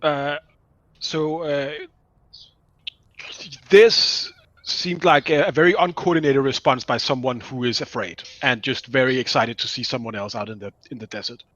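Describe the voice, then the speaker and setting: A man's voice: medium pitch, steady tone, normal speed, a bit bright. A hesitant man serves as dungeon master, stopping and restarting often as he checks the rules. His mic sounds dull and lo-fi. The room gives almost no echo. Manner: hesitant, many fillers and restarts. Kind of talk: running a tabletop game.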